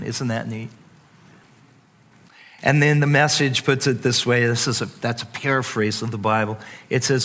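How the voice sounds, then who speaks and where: A man preaching a sermon to a congregation, animated and playful, acting out voices with sudden jumps in pitch. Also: normal speed. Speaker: pastor.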